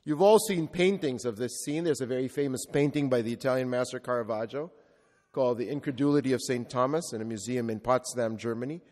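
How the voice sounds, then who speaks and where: A man's voice: mid-range voice, a little fast, darkish tone. A male Catholic priest preaching a sermon with reflective storytelling and rhetorical repetition. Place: church. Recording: long reverb of a large church.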